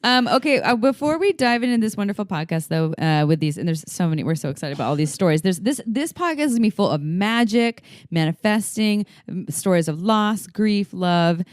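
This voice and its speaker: A woman's voice: medium pitch, lively intonation, no room sound, clean studio sound. An enthusiastic woman co-hosting a podcast in upbeat, casual chat. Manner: enthusiastic, upbeat, quick to laugh. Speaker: podcast co-host.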